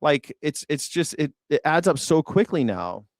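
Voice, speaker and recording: A man's voice: fairly high pitch, sing-song, normal speed, no room sound, clean studio sound. A man hosting a news reaction show, chatting casually in a rambling, profane, sarcastic way. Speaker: host.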